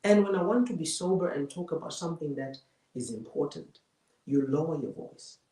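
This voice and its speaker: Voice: mid-range voice, expressive, normal speed, mellow. A public speaking coach giving a live masterclass lecture, emphatic and fond of repeating key phrases for effect. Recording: roomy echo, mic far from speaker.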